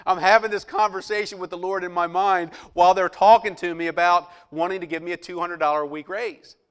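Middle-aged guy preaching, tells a story, slightly high voice, goes quiet then lively. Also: clean tone. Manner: animated storyteller, drops to hushed voice for quoted lines. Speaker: pastor. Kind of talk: sermon testimony storytelling.

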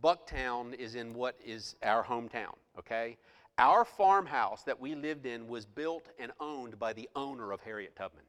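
A male pastor preaching a sermon with passion, swinging between loud outbursts and hushed asides. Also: mid-range voice, animated, normal speed, long reverb tail.

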